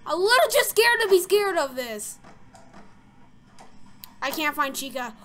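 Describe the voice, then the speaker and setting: A woman's voice: extremely high pitch, big pitch swings, a little slow, sharp tone. A young woman playing a game and commenting as she goes, jumpy and easily startled, rambling with lots of fillers. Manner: jumpy, easily startled, frequent gasps and squeals; rambling, filler-heavy talk. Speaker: gaming video creator. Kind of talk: casual let's-play commentary.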